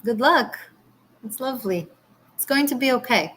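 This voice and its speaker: Woman, tarot reader, live stream, halting, lots of fillers and restarts, gentle, reassuring, emotional, near tears. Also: a little high, animated.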